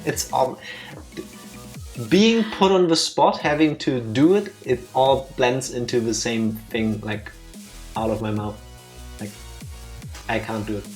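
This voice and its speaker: A man's voice: mid-range voice, a little slow, pauses often, faint music behind. Jokey self-deprecating man co-host. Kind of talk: casual chat.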